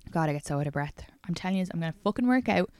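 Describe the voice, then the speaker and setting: A woman's voice: on the low side, animated, rapid-fire, a little mellow, clear, resonant tone, no echo. A woman with an Irish accent hosting a solo comedy podcast, chatting in a rambling, sweary, self-deprecating way. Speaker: podcast host and stand-up comedian. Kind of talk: casual solo podcast monologue. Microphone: studio podcast microphone.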